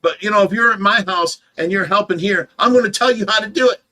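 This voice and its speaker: Ohio man, fish rescue host, higher pitch, edgy and bright, tired, defensive, blunt. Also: fast talker. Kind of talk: casual livestream chat.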